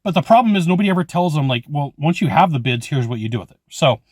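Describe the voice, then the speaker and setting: A man's voice: a little high, expressive, quick pace, darkish tone, no room sound, clean studio sound. A man teaching trade sales, talking bluntly and emphatically and acting out customer conversations. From California. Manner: blunt, emphatic, storytelling with quoted dialogue. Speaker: HVAC sales trainer. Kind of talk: casual instructional talk to camera.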